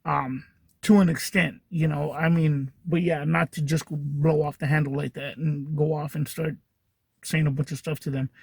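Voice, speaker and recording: A man's voice: on the high side, little pitch movement, moderate pace, creaky, darkish tone, husky, no room sound. A man hosting a podcast, telling a long personal story in a rambling way full of fillers and restarts. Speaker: podcast host. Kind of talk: casual storytelling monologue.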